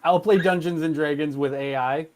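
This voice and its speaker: A man in casual chat, speaking in a relaxed, slangy way. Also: fairly high pitch, normal speed. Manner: relaxed, slangy and laid-back.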